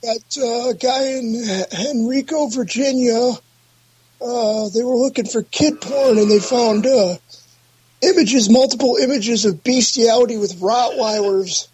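A man voicing a rude older saint who calls in to read crude news, halting and insulting, with a husky voice. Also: extremely high pitch, darkish tone, no room sound, voice pushed up, heavily acted. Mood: deadpan.

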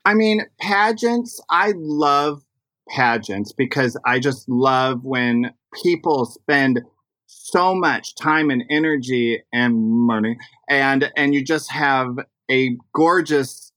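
A man who performs in drag, telling stories in a casual interview, animated and full of fillers. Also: medium pitch, slow, no echo. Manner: animated storytelling, chatty with fillers.

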